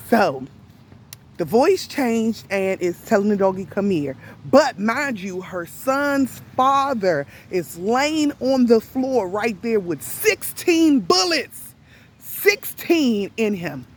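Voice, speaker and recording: Woman storyteller, plain casual delivery, deliberate and emphatic, unhurried pace. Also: fairly high pitch. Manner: deliberate, emphatic, with rhetorical questions. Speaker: storyteller recounting an event to viewers. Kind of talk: casual spoken retelling.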